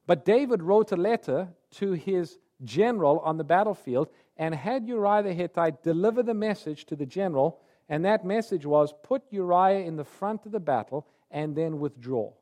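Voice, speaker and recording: Earnest male preacher, mellow voice. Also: on the high side. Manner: storytelling, earnest, swelling loud then dropping soft. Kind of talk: sermon.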